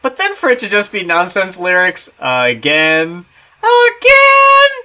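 Album review co-host, bright voice, lively intonation, wry, casual chat. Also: mid-range voice, normal speed. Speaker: co-host of a music review show.

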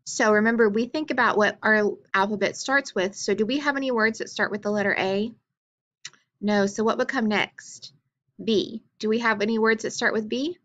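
A woman teacher leading a phonics lesson, naming letters and sounds slowly and patiently. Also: mid-range voice, a bit bright. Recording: dull lo-fi recording.

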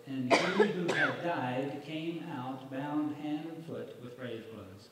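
In a very echoey hall, with the mic far off, faint noise and a loud crowd, a male evangelist preaches and reads scripture. His medium-pitched voice takes it slowly with hardly any pauses, emphatically pressing rhetorical questions on the congregation.

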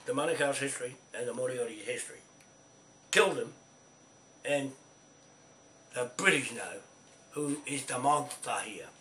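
Speaking as a land claimant, a man with a New Zealand accent delivers an angry, profane rant, coughing now and then. His medium-pitched voice is bright and forceful, recorded in a roomy space with a distant mic and faint noise.

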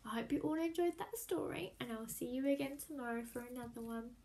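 A woman reading a children's story aloud in an expressive, animated way, sometimes dropping to a hushed whisper. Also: high voice, brisk, a little hiss or hum.

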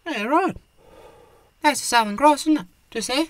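A man voicing a crude, cheeky Australian bloke in a cartoon with a shrill, cockatoo-like voice, swearing constantly. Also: fairly bright tone, no echo. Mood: bickering. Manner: swears constantly, quick comebacks. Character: squawky wiry Aussie bloke, crude and cheeky. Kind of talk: animated cartoon voice acting.

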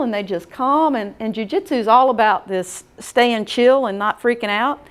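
A woman's voice: fairly high pitch, moderate pace. Folksy woman presenter. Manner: folksy, conversational, checks in with "okay?". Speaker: workshop presenter. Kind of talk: casual lecture.

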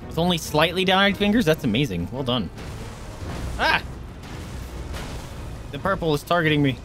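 A man livestreaming gameplay, excitable and quick to curse, taunting the enemies he fights. His voice sits fairly high and moves around a lot. Faint game music plays behind him. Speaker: game streamer. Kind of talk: live gameplay commentary.

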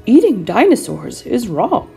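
A woman's voice: fairly high pitch, very animated, a little slow, warm tone, breathy edge, soft background music, full character voice. Stern storybook dinosaur dad, read by a woman. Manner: stern, lecturing.

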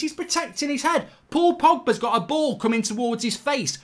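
A man's voice: very high voice, moderate pace. A man hosting a football fan channel, ranting heatedly and swearing through a live match reaction.

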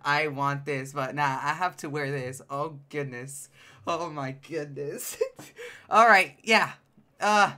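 A young man chatting casually and playfully as the host of a game livestream, quick to exclaim and joke. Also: on the high side, sharp tone. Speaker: game streamer.

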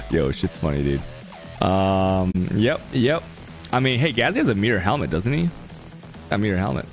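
A young male streamer talks loosely to his chat, his pitch jumping all over the place as he rambles and laughs through his points. Faint music plays underneath his voice. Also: sing-song, slow pace, long pauses. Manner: rambling, laughing, filler-heavy talk. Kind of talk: casual live-stream chat.

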